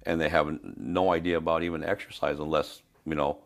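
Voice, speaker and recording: An older man from Spain, a fitness trainer telling stories in an interview, with halting restarts and repeated words. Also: rumbling low, level tone, creaky. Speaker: fitness trainer, podcast guest. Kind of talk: storytelling in an interview.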